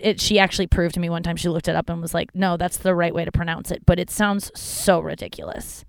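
Woman podcaster going off on tangents in her car, kinda low voice, super clear. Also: no echo. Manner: chatty, profane, self-deprecating tangents. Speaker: podcast host. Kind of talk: casual rambling monologue.

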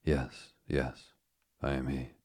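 A man's voice: very deep voice, level tone, slow pace, a little mellow, slightly rough, no echo, clean studio sound, full character voice. Poirot, a man reading a precise old detective. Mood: urgent. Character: Hercule Poirot, fussy older Belgian detective.

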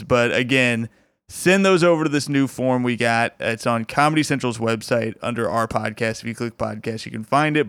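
A man's voice: mid-range voice, fairly bright tone, smooth, no room sound. A man hosting a podcast, chatting casually and rambling a little as he sets up clips. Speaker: podcast host.

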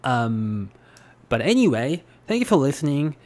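Here a Japanese podcast host with a Japanese accent talks a little slowly, his mid-range voice darkish and full of big pitch swings. The conversation is casual and rambling, packed with fillers.

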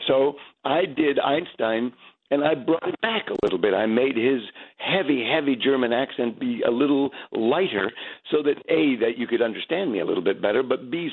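A man's voice: mid-range voice, breathy edge. Older man on a tinny phone line. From United States. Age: 70s. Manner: reflective, restarts often, lively swings in tone. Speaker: stage actor, guest. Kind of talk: interview over the phone.

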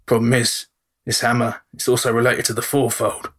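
A man voicing a gruff, harried middle-aged leader who talks bluntly and swears mildly. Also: medium pitch, little pitch movement, moderate pace, fairly bright tone, lightly acted. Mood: brusque.

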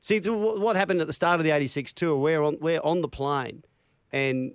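A man's voice: fairly high pitch, a little fast, smooth, no room sound, clean studio sound. An Australian man hosting a radio show, telling stories and laughing easily. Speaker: radio host. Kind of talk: casual radio banter.

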